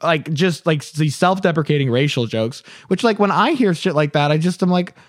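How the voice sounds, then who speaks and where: A man co-hosting a comedy podcast, talking loosely with lots of fillers and quick laughs. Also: fairly high pitch, expressive, dry recording, studio quality. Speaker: podcast co-host. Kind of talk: casual comedic chat.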